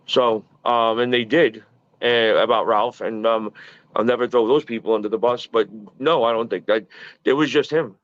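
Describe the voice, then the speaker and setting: A man's voice: medium pitch, fairly even intonation, moderate pace, no room sound, muffled recording. A man in his early forties, a podcast guest, telling stories in a casual, profane, rambling way. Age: early 40s.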